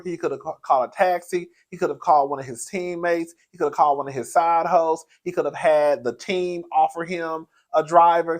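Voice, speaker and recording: Sassy guy doing gossip commentary, keeps laughing and saying girl, voice kinda high. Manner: sassy and chatty, laughs often, calls the audience girl. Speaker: host.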